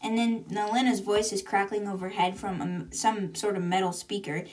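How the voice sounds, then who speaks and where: A woman's voice: medium pitch, little pitch movement, normal speed, a little mellow. A woman hosting a podcast, casually retelling a book's chapters in a chatty way, often slipping into quotes with "she's like". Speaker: podcast host. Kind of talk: casual book recap. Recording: roomy echo, distant from mic.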